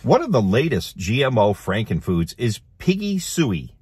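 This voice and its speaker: A middle-aged man hosting a casual commentary show, reading headlines aloud and adding animated, laughing remarks. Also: mid-range voice, normal speed, slightly rough, dry recording. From United States. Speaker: host.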